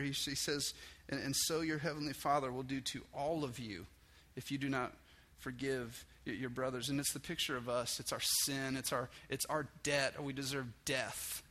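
A man preaching a casual sermon, talking conversationally and acting out the story's dialogue. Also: mid-range voice. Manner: casual and conversational, with many restarts and "like"; acts out dialogue with raised, excited voice. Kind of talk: informal sermon.

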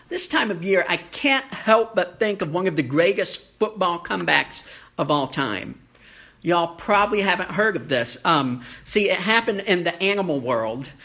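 A preacher giving a sermon, telling a folksy story with lots of ums and uhs and slowing down for emphasis. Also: medium pitch, a bit bright. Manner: folksy storytelling with many fillers; slows down for emphasis.

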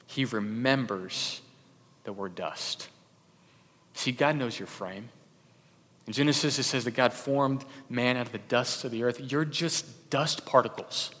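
Guy preaching, chatty sermon, gets loud then drops real soft, long hall reverb. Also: normal speed. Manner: conversational, swings from loud emphatic bursts to soft low asides. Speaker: pastor.

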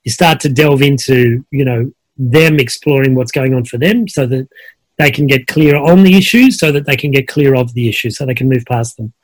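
A mid-range, moderately paced voice with no echo comes from a middle-aged Australian man who is a guest coach. Chatting casually over a video call, he spins relaxed stories filled with fillers.

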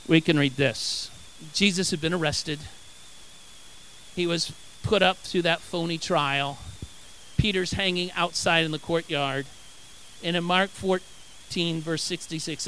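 A man's voice: high-pitched, bright, forceful tone, rough recording. A man preaching a sermon. He reads scripture, acts out quotes with animation, and often restarts his phrases. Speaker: pastor.

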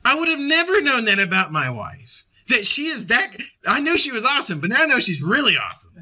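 A man's voice: very high voice, a little fast. A man teaching a Bible study in an earnest, conversational way, reading scripture aloud and restarting words often. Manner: animated when voicing a small child. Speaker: preacher leading a Bible study.

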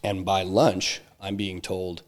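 A man being interviewed, telling a personal story in a halting way, full of restarts and fillers. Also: sits low, little pitch movement. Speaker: interview guest, entrepreneur.

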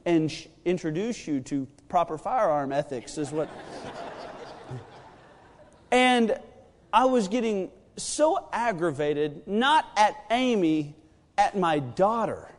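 A man in his thirties preaching a sermon, telling a family story with animated, acted-out quotes. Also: high-pitched, slow pace, pauses often, in a large hall. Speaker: pastor.

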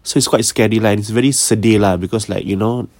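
A man with a Malaysian English accent tells a spooky story in a casual, chatty way. His voice sits a little low, and he drops to a hush when the story turns scary. The sound is dry and close, with no room around it. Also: steady tone, fast talker, no echo.

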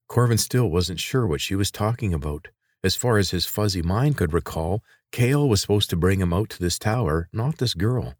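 A man reads a story aloud in a measured storytelling manner. His voice is very low yet moves with lively inflection, and the dry, close recording has no room around it. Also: dry recording. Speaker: narrator. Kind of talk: scripted audiobook narration.

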